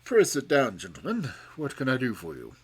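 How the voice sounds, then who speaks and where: A man voicing an irritable, malicious elderly professor who speaks loud and sharp, with a husky voice. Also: mid-range voice, huge pitch swings, normal speed, heavily acted. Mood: suspicious.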